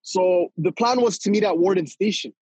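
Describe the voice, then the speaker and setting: High, husky young man telling stories. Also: moderate pace, dry recording, rough recording. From Toronto, Canada. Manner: animated, laughs often, acts out quotes. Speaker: guest storyteller. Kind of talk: casual podcast storytelling.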